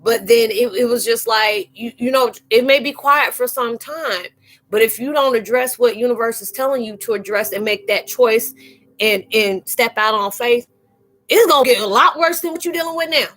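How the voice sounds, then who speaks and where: A woman hosting a casual live-stream spiritual chat, talking in a slangy, animated way and laughing often. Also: a little high, moderate pace. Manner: chatty and animated, laughing and acting out quoted exchanges; slangy, informal phrasing.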